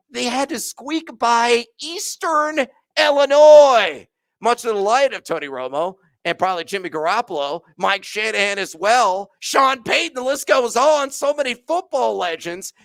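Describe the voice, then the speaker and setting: Exuberant high-voiced betting podcast host. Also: male voice, clear, resonant tone, no echo. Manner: exuberant, bursts of whoops and shouts. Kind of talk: solo sports betting podcast.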